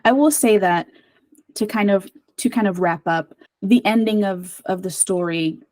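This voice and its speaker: A woman's voice: fairly low pitch, darkish tone, no echo. A woman guesting on a book club podcast, bubbly and hesitant, with many fillers. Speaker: guest co-host. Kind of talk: casual book club chat.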